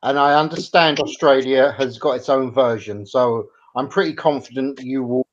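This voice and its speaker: A man's voice: mid-range voice, moderate pace, a little hiss or hum. Opinionated British man, muffled audio. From Britain. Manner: opinionated, argumentative. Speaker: podcast host. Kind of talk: casual banter. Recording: dull lo-fi audio.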